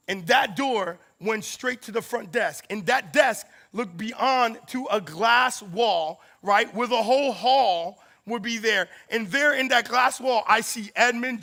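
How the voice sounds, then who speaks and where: A high-pitched man tells a funny story from the pulpit, acting out the voices of the people in it. His voice is bright and forceful with a gravelly edge. He laughs often as he talks. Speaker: campus ministry speaker. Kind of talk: storytelling sermon.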